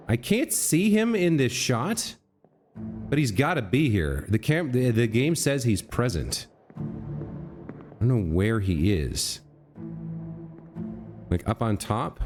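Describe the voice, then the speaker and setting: A mid-range voice with a darkish tone belongs to this let's play host, who muses through a puzzle aloud. He regularly corrects himself and talks to the characters in the game.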